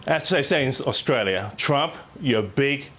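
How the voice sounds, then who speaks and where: A man doing a comic impression of a male dictator who delivers boasts and threats deadpan. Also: medium pitch, normal speed, slight background noise, lightly acted. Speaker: impersonator.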